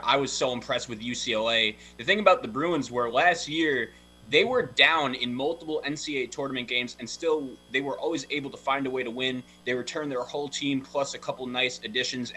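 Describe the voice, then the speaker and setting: Bright-voiced man breaking down basketball. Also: mid-range voice, slight background noise, low-quality recording. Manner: steady, informative. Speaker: college basketball analyst. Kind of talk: sports analysis.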